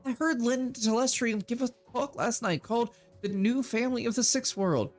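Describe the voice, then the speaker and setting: A man's voice: very high-pitched, moderate pace, soft background music, pitched above the performer's own voice. A man voicing an earnest young man who has joined a cult, pleading and preachy. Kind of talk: game text read aloud in character.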